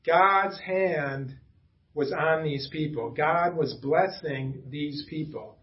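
A man's voice: a little high, slow, highs cut off. A man preaching a casual, conversational sermon to a small church congregation. He talks in a chatty way, with self-deprecating asides and frequent restarts. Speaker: pastor.

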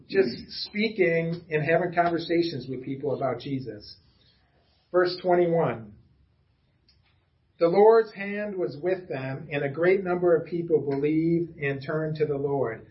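A man's voice: fairly high pitch, expressive, unhurried, lo-fi sound. A man preaching a casual, conversational sermon to a small church congregation. He talks in a chatty way, with self-deprecating asides and frequent restarts. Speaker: pastor.

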